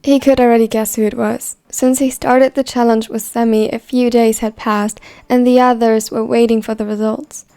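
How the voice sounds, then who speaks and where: A woman narrating a fan story in an even, measured reading voice. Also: a little high, clean tone, soft background music.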